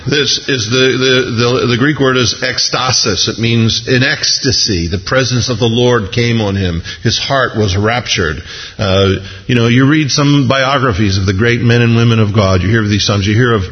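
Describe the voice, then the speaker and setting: A man preaching a sermon with easy humor, acting out each quoted voice as he goes. His voice sits at a middle pitch. It reaches the listener through a dull, radio-like recording with a long reverb tail, as from a large hall. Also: moderate pace. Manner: conversational, humorous, acts out quotes. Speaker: pastor.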